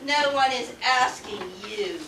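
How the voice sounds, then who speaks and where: A woman's voice: high-pitched, expressive, slow, pushed and bright, heavily acted. A woman acting a sarcastic, vain stage actress in a comedy, recorded far off in an echoey hall. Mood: catty. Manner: sarcastic and mocking. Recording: echoey stage from a distant mic, faint hiss.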